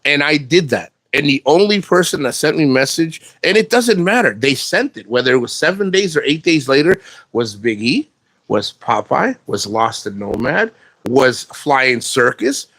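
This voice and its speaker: A man's voice: mid-range voice, sing-song, moderate pace, a bit bright, dry recording. A man talking casually to camera in a blunt, profane, rambling way, restarting his sentences often. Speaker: vlogger.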